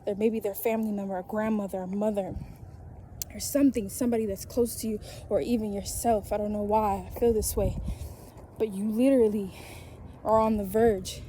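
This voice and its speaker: A woman preaches with rising fervor, repeating short phrases and calling on her listeners to respond. Her voice is mellow and warm at a middle pitch. A faint hiss of background noise sits under the recording. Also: steady tone, a little fast. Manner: repetitive, exhorting, speaks in tongues. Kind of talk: spontaneous prophetic sermon video.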